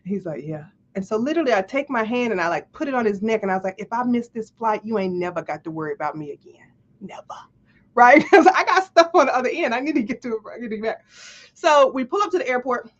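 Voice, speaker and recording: A woman's voice: fairly high pitch, lively intonation, quick pace. A woman, a life coach, telling a story to a live audience with much animation, acting out the dialogue and laughing often. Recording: dull lo-fi stream audio.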